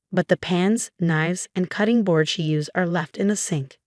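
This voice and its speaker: A woman telling a first-person story in plain, steady narration. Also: fairly low pitch, moderate pace, no room sound, clean studio sound.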